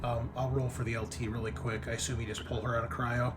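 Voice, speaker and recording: A man narrating as game master in a relaxed, filler-heavy way. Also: mid-range voice, fast, a little hiss or hum. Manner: casual, many fillers, laughs often.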